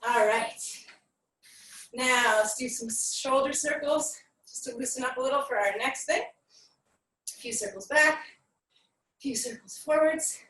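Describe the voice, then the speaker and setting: A woman's voice: high-pitched, measured pace, long pauses, bright, forceful tone, echoey room, distant mic, poor audio. A woman teaching an online aikido class for kids, counting aloud in Japanese and giving encouraging instructions while out of breath.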